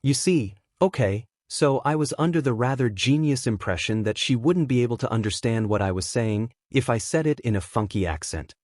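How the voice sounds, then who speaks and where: A man's voice: medium pitch, expressive, normal speed, few pauses, darkish tone, no room sound, studio quality, natural voice. A man voicing a chatty, bumbling male robot sphere in a fanfiction reading, with self-mocking rambling.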